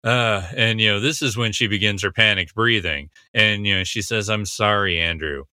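A man talks through a TV scene in a casual, analytical way, recapping dialogue and pausing often on fillers. His fairly low voice has a very bright, sharp edge. The sound is close and dry with no room echo. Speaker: commentator breaking down a TV scene.

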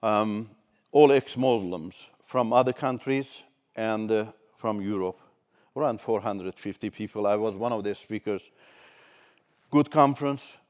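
A man preaching a sermon, swinging between loud emphatic declarations and soft asides. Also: lowish voice, measured pace.

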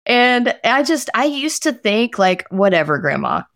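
A woman's voice: fairly high pitch, expressive, takes it slowly, a bit bright, smooth, dry recording, clean studio sound. A woman co-hosting a podcast, speaking in a heartfelt, reflective way and chiming in with affirming words. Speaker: podcast co-host. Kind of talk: casual chat on hope and mental health.

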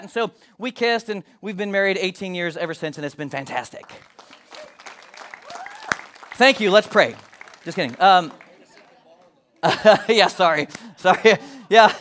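A man in his forties, from Colorado, telling a personal story to an audience with animated, self-deprecating humor and joking asides. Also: high-pitched, normal speed, a faint crowd. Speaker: speaker addressing an audience.

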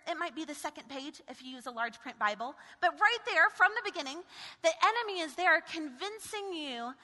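A woman preaching a sermon in a high, bright voice. She moves from loud, forceful commands to quiet, intimate passages. Her voice rings through a church with long reverb. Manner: dynamic, shifting from shouted commands to hushed intimacy. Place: church sanctuary.

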